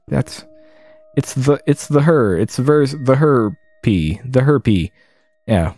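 Slow, rambling man commenting on a game. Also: medium pitch, expressive, mellow. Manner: rambling, halting, wry commentary. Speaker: game streamer.

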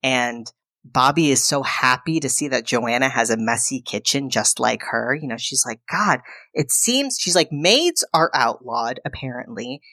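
Podcast co-host, woman, low pitch, animated storyteller voicing characters in passing. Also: normal speed, dry recording, clean studio sound. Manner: animated retelling, acting out characters' lines. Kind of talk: casual chat recapping a film.

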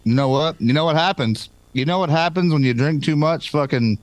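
A man's voice: fairly high pitch, a little fast. A man with a Midwestern American accent, a guest on a live podcast, telling rambling, profane stories. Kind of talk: casual live podcast chat.

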